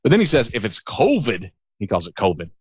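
Low-voiced, rambling middle-aged man. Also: huge pitch swings, fairly quick, breathy edge, no echo. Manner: rambling, profane, sarcastic. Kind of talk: casual chat, storytelling.

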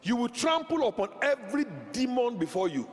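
A man preaching a charismatic sermon, shouting declarations, speaking in tongues and leading the congregation in call-and-response. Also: very high-pitched, sing-song, brisk, slight background noise. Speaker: pastor. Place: large church sanctuary. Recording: reverberant church hall.

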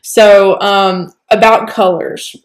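A woman's voice: mid-range voice, little pitch movement, slow, poor audio. Teasing Southern woman podcast co-host. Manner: teasing, laughs easily. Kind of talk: casual chat.

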